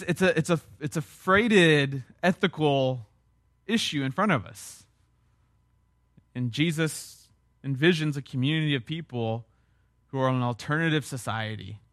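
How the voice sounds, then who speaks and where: A man's voice: a little high, a bit bright, no echo, clean studio sound. A man preaching a sermon as a pastor, earnest and emphatic, with repeated phrases and rhetorical questions.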